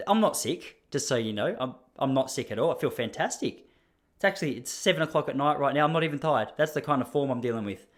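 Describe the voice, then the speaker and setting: A man's voice: medium pitch, expressive, fast. An Australian man hosting a podcast, telling a story in a casual, ranting way with mock outrage. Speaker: podcast host.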